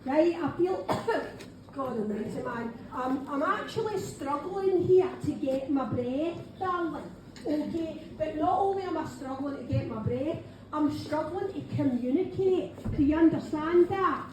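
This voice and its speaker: A Scottish woman working as a medium at a live demonstration, chatty, often saying "right, okay" and calling people darling. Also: sits high. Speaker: spiritual medium. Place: function room of a local pub. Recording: very echoey room, faint background noise.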